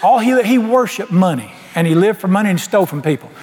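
A man's voice: high voice, expressive, fast, a little mellow, long reverb tail. A man preaching a sermon, telling his story in a folksy way and acting out the dialogue.

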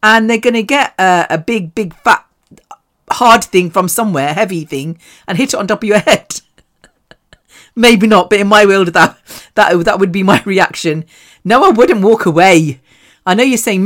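A woman's voice: mid-range voice, moderate pace. A British woman hosting her own podcast, talking to listeners in a candid, rambling, self-mocking way with casual swearing. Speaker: podcast host. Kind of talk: candid solo podcast monologue.

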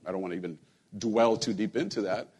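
Man, pastor, husky voice, easygoing joking sermon, in a church. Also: lowish voice, quick pace, darkish tone. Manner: conversational preaching, joking with the congregation, repeats words. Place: church sanctuary.

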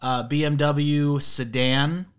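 A man from Florida co-hosting a casual podcast, telling stories in an animated way and getting loud when worked up. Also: a little high, slow pace, clear, resonant tone. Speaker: podcast co-host. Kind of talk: casual chat.

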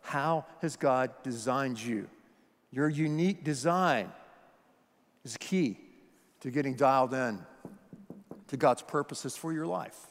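A man's voice: mid-range voice, slow, long pauses, big-room sound. A middle-aged man preaching a sermon, emphatic and conversational, firing off questions at the congregation. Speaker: pastor.

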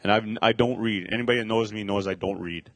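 A middle-aged man telling a personal faith testimony, halting, with many fillers and restarts. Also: fairly low pitch, fairly even intonation, fairly bright tone, no room sound. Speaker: speaker sharing a testimony.

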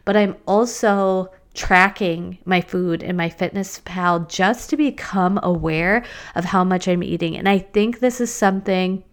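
A woman's voice: fairly low pitch, measured pace, clear, resonant tone. A woman in her thirties, a mom and podcaster, in a candid, chatty talk full of "like". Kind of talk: casual chat.

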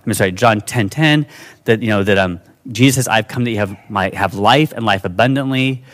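A male pastor giving a sermon with a lively, swinging pitch. He talks casually to his congregation and breaks into high, whiny voices to act out the dialogue.

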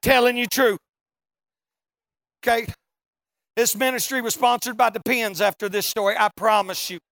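A preacher telling a funny story in a sermon, folksy and animated, now and then breaking into shouts. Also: medium pitch, normal speed, no room sound, studio quality.

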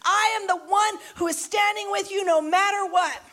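A woman's voice: moderate pace, close to an everyday voice. A woman preacher voicing a proud, impulsive adult man who talks to himself in a sermon retelling. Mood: insistent shouting. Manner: swings from loud boasting to low muttering self-talk. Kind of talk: sermon storytelling.

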